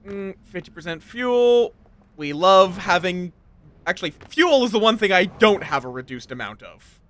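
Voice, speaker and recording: Guy streaming a game, high bright voice, rambly and goofy, chatting w/ viewers. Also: animated, moderate pace. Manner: rambling, playful, greets chat. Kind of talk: casual live-stream chatter.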